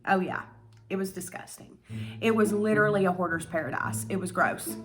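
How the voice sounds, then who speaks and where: A young woman telling a storytime vlog in an animated, profane, ranting way. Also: mid-range voice, a little fast, over music. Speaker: YouTuber.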